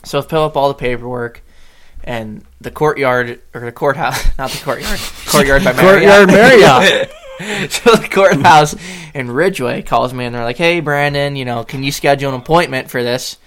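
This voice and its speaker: Animated man telling a story. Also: mid-range voice, moderate pace, slight background noise. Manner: animated storyteller acting out quotes, laughing often. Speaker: podcast co-host. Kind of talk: casual storytelling chat.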